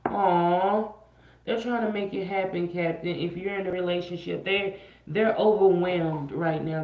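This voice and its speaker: A woman's voice: medium pitch, normal speed. A woman giving a casual livestream tarot reading, chatty and slangy, repeating her phrases and sometimes half-singing. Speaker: tarot reader. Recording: echoey room, muffled lo-fi sound.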